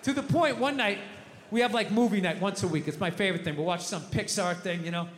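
A man in his thirties doing stand-up storytelling, profane and animated, bursting into shouted rants. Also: high-pitched, fast talker. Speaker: stand-up comedian. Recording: echoey hall with faint noise.

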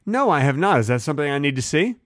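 A man co-hosting a casual comedic podcast chat, joking in a playful, deadpan way. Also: fairly high pitch, racing, no echo, clean studio sound. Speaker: podcast co-host.

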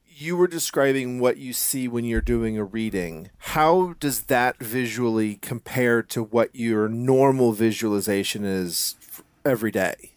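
A man's voice: medium pitch, unhurried, clean tone, no echo. A male podcast host asking curious, rambling questions in casual chat.

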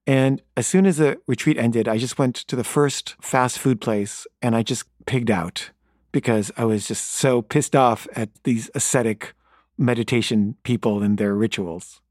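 A man's voice: mid-range voice, steady tone, measured pace, a little mellow, dry recording, studio quality. A man telling a wry, exasperated story in a casual monologue.

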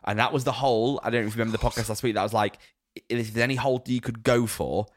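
A man's voice: medium pitch, steady tone, rapid-fire, slight background noise. A man in his thirties, a podcast co-host telling stories in casual chat. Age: 30s.

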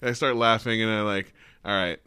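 A man's voice: on the low side, fairly even intonation, fairly quick, pushed and bright, clean tone, dry recording, clean studio sound. A young man, a teacher and podcast co-host, ranting with profane exasperation in a casual chat.

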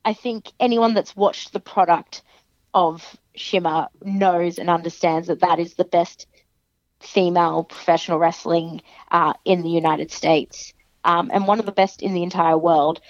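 A woman's voice: fairly low pitch, fairly even intonation, a little slow, no room sound, highs cut off. Chatty woman wrestler. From Australia. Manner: chatty, laughs often, acts out others' lines. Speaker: professional wrestler, guest. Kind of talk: casual interview chat.

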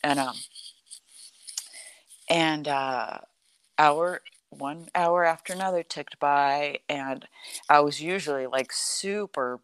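A middle-aged woman telling a personal story in a conversation, animated and full of "like" and "you know". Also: deep voice, slow, pauses often, clear, resonant tone, no room sound. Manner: animated, acts out quoted dialogue, frequent "like" and "you know".

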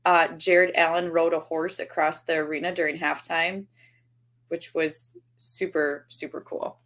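A woman's voice: low-pitched, flat delivery, measured pace, fairly bright tone. Upbeat rambling woman podcaster. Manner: rambling, upbeat, laughs at herself. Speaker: podcast co-host. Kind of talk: casual chat. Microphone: video call.

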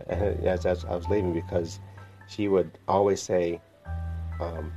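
A man from northern Illinois, a podcast host telling his personal faith story in a reflective, heartfelt way with pauses. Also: low voice, steady tone, mellow, lo-fi sound, soft background music. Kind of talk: personal testimony.

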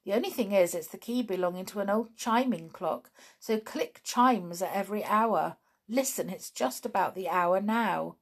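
A woman's voice: medium pitch, moderate pace, natural voice. A woman voicing a helpful, chatty toy girl in a children's story.

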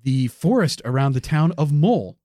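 A man's voice: fairly high pitch, animated, moderate pace, mellow, no room sound, studio quality. A man hosting a podcast, laughing often and telling a story with enthusiasm. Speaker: podcast host. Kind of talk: casual comedic banter.

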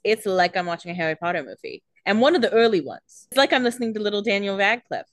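A woman's voice: medium pitch, lively intonation, fast, no room sound, studio quality. A woman co-hosting a casual podcast, chiming in with quips and mock quotes. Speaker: podcast co-host. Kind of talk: casual chat.

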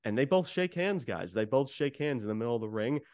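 A man's voice: mid-range voice, animated, a little fast, darkish tone, clear, resonant tone, dry recording, studio quality. A man on a podcast casually recapping a wrestling show, rambling with many fillers and acting out what was said. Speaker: podcast co-host.

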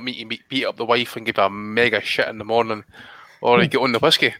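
A man's voice: medium pitch, steady tone, fast talker, pushed and bright, dry recording. A man telling rambling, sweary stories as a co-host in a casual podcast chat.

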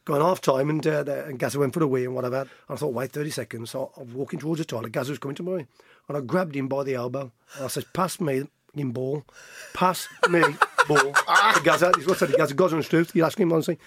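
A middle-aged man, a guest telling an animated anecdote and acting out the voices of others. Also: mid-range voice, racing, a little hiss or hum. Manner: lively storyteller acting out quotes, laughs often. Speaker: guest, former footballer.

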